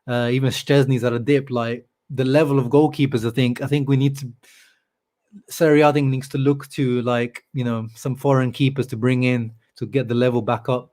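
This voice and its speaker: Casual male live-stream host, mid-pitch, loose and chatty, reads comments aloud. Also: little pitch movement, normal speed, a little mellow. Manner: chatty, many fillers, reads out viewer comments. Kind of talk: casual live-stream chat about football.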